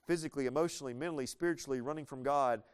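A man preaching a sermon, explaining a Bible story in a conversational way with playful asides and reading scripture slowly. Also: medium pitch, smooth.

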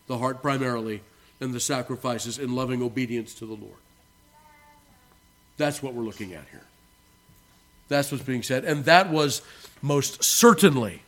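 Speaking from a church pulpit, a male pastor addresses his congregation as beloved. His sermon is earnest and emphatic, with key words drawn out and a swing between quiet, low asides and louder lines.

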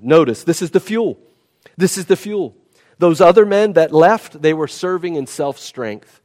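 A man's voice: fairly high pitch, expressive, a little slow, a little mellow. A man preaching a sermon, emphatic and repeating key words for stress. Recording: long reverb of a large hall.

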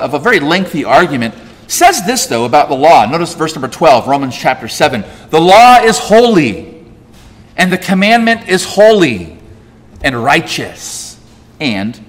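A male pastor preaching with a fairly high voice that leaps and falls through a wide, lively range. He drives his points home with rhetorical questions and sudden bursts of emphasis. His voice carries a long reverb from the large hall around him. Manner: emphatic, rhetorical questions, big swings in pitch and loudness. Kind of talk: sermon. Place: church sanctuary.

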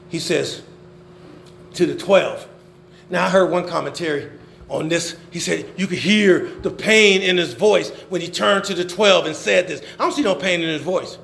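An older man preaching a sermon, swinging between loud emphasis and low murmurs. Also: moderate pace, creaky, reverberant, a little hiss or hum. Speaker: pastor.

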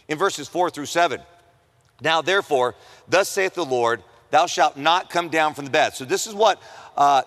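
A man's voice: mid-range voice, fairly bright tone. A man preaching a sermon to students in a conversational, humorous way, acting out the voices of people in the story. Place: chapel or auditorium at a Christian school. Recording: long hall reverb.

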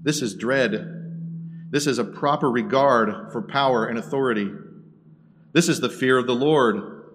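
A man preaching a sermon, dropping to a hush and rising to loud bursts. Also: mid-range voice. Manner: dramatic swings between hushed and loud. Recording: echoey hall from a distance.

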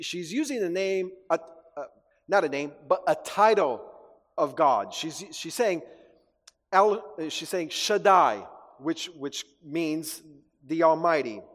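A man's voice: fairly high pitch, big-room sound. A male pastor preaching a sermon in an earnest way, often repeating words as he goes. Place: church.

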